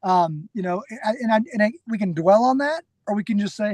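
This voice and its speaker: A middle-aged man, a guest on a podcast and a security trainer, telling stories in a casual, animated way, acting out quoted lines and often restarting his sentences. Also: high-pitched, a little fast, no echo. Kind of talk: casual interview storytelling.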